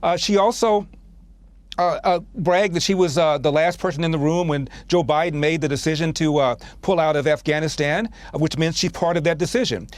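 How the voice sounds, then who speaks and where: A man appearing as a guest on a news program, making his case in measured speech with many pauses. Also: fairly high pitch, no echo. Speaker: radio host guest. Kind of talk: TV news interview.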